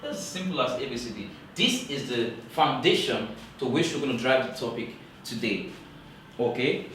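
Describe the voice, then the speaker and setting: A man teaching English grammar in a classroom lecture, talking slowly and repeating key points for emphasis. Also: medium pitch, lively intonation, fairly bright tone, slight background noise. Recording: very echoey room, voice from far off.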